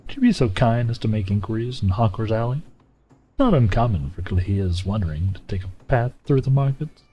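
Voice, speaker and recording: A man's voice: lowish voice, sing-song, mellow, highs cut off, faint music behind. A man voicing a formal, worried guild scholar. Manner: archaic, formal phrasing read slowly. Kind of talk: reading game dialogue aloud.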